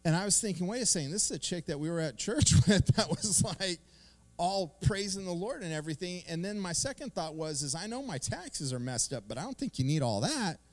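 Animated casual pastor, man. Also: sits high, brisk. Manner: casual, animated storytelling with slang. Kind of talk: sermon.

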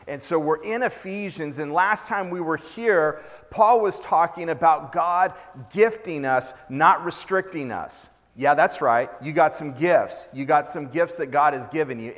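A man in his fifties, a pastor, leading a prayer and then preaching with animated, humorous storytelling. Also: on the high side. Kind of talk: sermon. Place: church sanctuary. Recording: long church reverb.

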